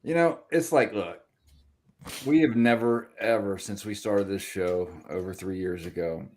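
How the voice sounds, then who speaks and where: A man's voice: on the low side, measured pace, darkish tone. A man co-hosting a sports podcast in casual chat, blunt and swearing freely. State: voice still deep from shouting. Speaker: podcast co-host.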